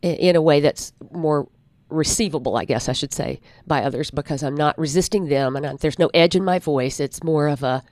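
A woman guest giving advice in an interview, thoughtful and unhurried, with many pauses and fillers. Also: low voice, a little mellow, no echo. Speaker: guest counselor. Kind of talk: reflective advice in a podcast interview.

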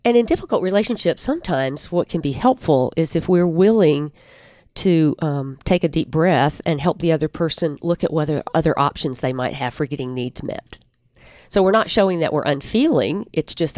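Woman guest counselor, reflective, halting, close dry mic. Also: deep voice, expressive, darkish tone, no echo. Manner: thoughtful, many pauses and fillers. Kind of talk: reflective advice in a podcast interview.

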